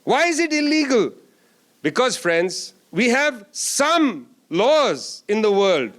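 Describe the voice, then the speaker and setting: A man's voice: extremely high pitch, big pitch swings, takes it slowly, a bit bright. A man giving a closing keynote at a conference, speaking emphatically with sarcastic asides and repeated lines. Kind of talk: political speech. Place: conference hall.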